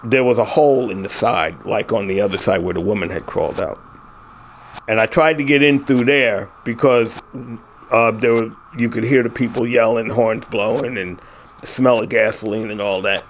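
An older man from California telling a personal story, halting and reflective, with pauses and fillers. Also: fairly low pitch, a little hiss or hum. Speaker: eyewitness storyteller. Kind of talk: personal story told in interview.

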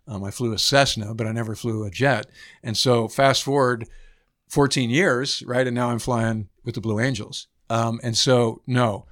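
A man in his fifties, a former naval aviator, tells stories on a podcast in an easy, rambling way, scattering fillers and casual swearing. His voice sits at an ordinary middle pitch, and the recording is plain and close. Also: normal speed. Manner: relaxed and anecdotal, swears casually, many fillers. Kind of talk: casual storytelling chat.

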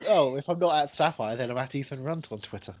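A man co-hosting a podcast, riffing in jokey, rambling, deadpan banter. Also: medium pitch, fast talker. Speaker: podcast co-host. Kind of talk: casual banter.

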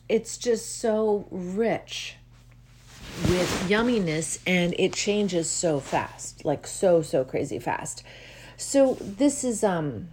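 Soft, slow-spoken woman teaching. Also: medium pitch. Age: adult with a child. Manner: gentle, meandering, emotional, many fillers. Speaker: spiritual teacher. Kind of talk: heartfelt solo talk to listeners.

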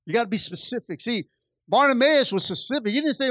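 A pastor preaches a sermon to his church, repeating phrases and stammering restarts as he presses his point, his intensity rising and falling. His high-pitched voice is sharp, animated and fast, with no echo.

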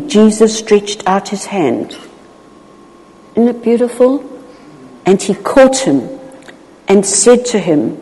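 A woman preaching a sermon, expressive, acting out the voices of people in the story. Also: mid-range voice, a little slow. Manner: expressive, acts out Bible voices. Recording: long hall reverb.

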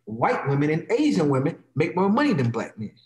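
A man's voice: fairly high pitch, huge pitch swings, brisk, darkish tone, reverberant. A man in heated, profane podcast talk, mocking others in quoted voices.

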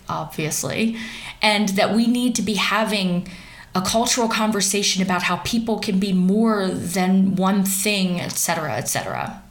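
A young woman from central Pennsylvania giving sarcastic, wry commentary on celebrity gossip. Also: medium pitch.

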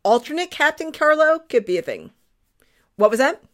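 A woman's voice: big pitch swings, moderate pace, a bit bright. Young woman host, playful chatter, lots of laughs, voice jumps all over. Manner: playful, laughs often, swings in pitch. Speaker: podcast host. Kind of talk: casual chat.

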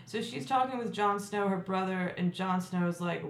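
A woman co-hosting a casual comedic recap chat, irreverent and profane with deadpan jokes. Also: mid-range voice, normal speed, reverberant, slight background noise. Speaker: podcast co-host.

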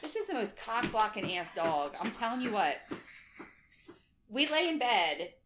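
A woman's voice: a little high, big pitch swings, unhurried, noisy background. A woman co-hosting a podcast in casual chat, laughing often and reading news aloud. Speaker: podcast co-host.

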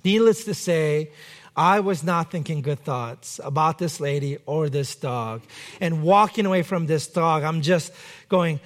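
A man, a pastor, preaching a sermon and telling a lively personal story in a church, sometimes shouting out the lines. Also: on the high side, unhurried. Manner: animated anecdote with acted shouts.

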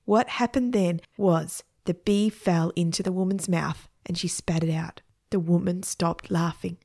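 A woman's voice: lowish voice, fairly even intonation, a little slow, dark tone. A woman narrating a children's story in a playful way, shifting into voices for the characters.

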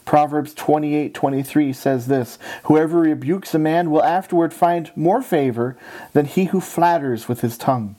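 A man preaching a sermon in an earnest, steady way, often pausing to quote scripture and other writers. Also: on the high side.

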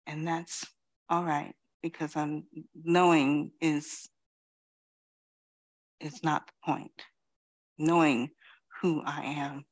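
A woman gives a dharma talk, reflective and unhurried. She is in her fifties, speaks slowly and pauses often, with many "you know"s between her thoughts. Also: deep voice, gravelly. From Queens, New York. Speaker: Zen teacher.

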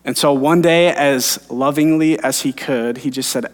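A man in his thirties preaches with earnest, personal storytelling, at an everyday middle pitch. His voice carries the long reverb of a church sanctuary. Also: unhurried, hardly any pauses. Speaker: pastor. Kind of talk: sermon.

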